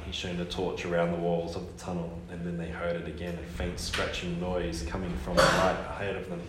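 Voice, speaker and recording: A man reading a children's book aloud in a lively storytelling manner. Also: sits low, brisk, few pauses. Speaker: reader. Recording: echoey room, faint noise.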